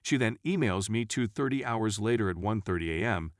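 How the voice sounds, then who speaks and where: A man narrates a story in a scripted, read-aloud way. His voice sits fairly low but swings up and down a lot. The sound is dry and close, with almost no room in it. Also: animated, brisk, no room sound.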